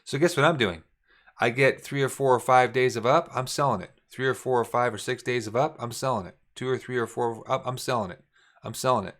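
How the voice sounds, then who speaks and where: A man's voice: mid-range voice, fairly quick, fairly bright tone. Casual man teaching chart trading. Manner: casual, repetitive, talks while drawing charts. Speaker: trading instructor. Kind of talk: screen-share trading lesson.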